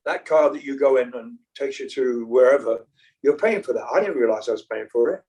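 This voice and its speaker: A man's voice: mid-range voice, a little fast, darkish tone, far from the mic, rough recording. An older British-born rock singer, a man, chatting casually as an interview guest, rambling with many fillers and restarts. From Britain.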